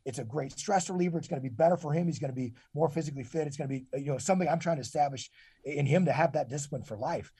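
Man, forties, husky, slightly high voice, earnest, restarts often, dry close mic. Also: racing, dark tone, no room sound. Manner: earnest, many restarts and repeated words. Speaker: guest. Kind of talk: casual interview talk.

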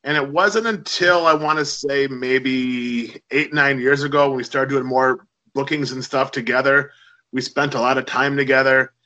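Bright-voiced man telling chatty anecdotes. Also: medium pitch, steady tone, moderate pace, dull audio. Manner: chatty, anecdotal, many fillers. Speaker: podcast guest. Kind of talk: casual storytelling.

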